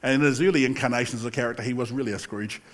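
An older man preaching a sermon in a relaxed, chatty storytelling way, with asides and the occasional laugh. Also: medium pitch, racing. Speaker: pastor.

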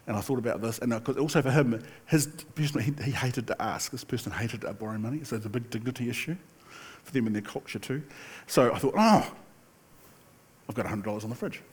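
An older pastor preaches as if swapping stories with friends, easygoing and chatty, breaking off now and then to laugh or add an aside. His ordinary mid-pitched voice is slightly rough, and he speaks quickly.

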